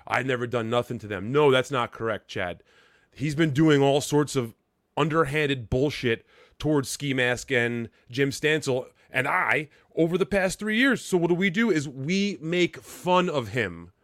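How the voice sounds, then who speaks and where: A man's voice: a little high, expressive, measured pace, no room sound, studio quality. A man co-hosting a podcast in casual, rambling banter, swearing freely and laughing often. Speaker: podcast co-host.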